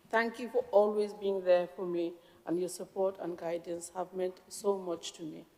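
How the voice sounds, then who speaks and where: A woman giving a formal mayoral acceptance speech with a Greater Manchester accent, emotional and halting, often stopping to restart her words. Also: mid-range voice, mellow. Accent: English, Greater Manchester. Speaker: incoming civic mayor. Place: council chamber. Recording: long hall reverb.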